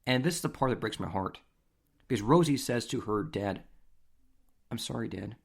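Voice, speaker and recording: Man hosting a podcast, fairly low voice, casual storytelling, animated. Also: brisk. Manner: animated, conversational, acts out scenes. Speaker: podcast host.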